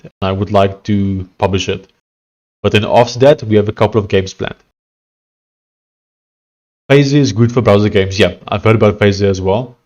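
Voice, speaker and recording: A man's voice: fairly low pitch, a little mellow. Man chatting on a stream. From South Africa. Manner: thinks aloud, reads chat, trails off with fillers. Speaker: live-streaming software developer. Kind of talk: casual live-stream chat.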